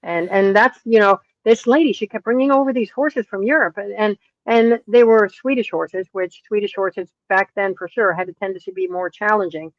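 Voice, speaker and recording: A woman's voice: mid-range voice, normal speed, hardly any pauses, dry recording. A middle-aged woman horse trainer and author, telling stories in an interview and acting out the people in them. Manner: lively storyteller acting out quoted dialogue. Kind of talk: interview storytelling. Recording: dull, dry lo-fi sound.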